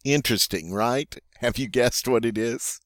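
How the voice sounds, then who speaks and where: A man teaching French vocabulary, playful and joking, saying each word slowly and twice before giving its meaning. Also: medium pitch, no room sound, clean studio sound. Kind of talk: vocabulary lesson.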